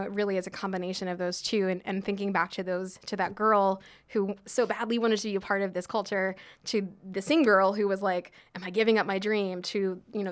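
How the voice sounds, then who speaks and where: Brief: thirties woman, sommelier guest, lively chatty storyteller, mid-pitched, heavy filler words. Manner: chatty, animated, many "like" fillers, laughs often. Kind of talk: casual interview storytelling.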